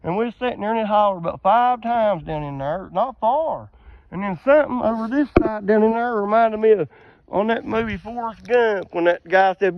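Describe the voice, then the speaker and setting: Speaking fairly quickly in a high voice, an outdoorsman tours his hunting land along a ridge trail. The lo-fi clip has him telling meandering, folksy stories straight to camera while laughing at his own humor.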